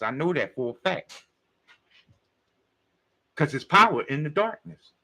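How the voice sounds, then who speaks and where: Man, high lively voice, casual spiritual talk, slangy and direct. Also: low-quality recording. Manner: street slang, conversational, addresses listeners directly. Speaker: spiritual teacher.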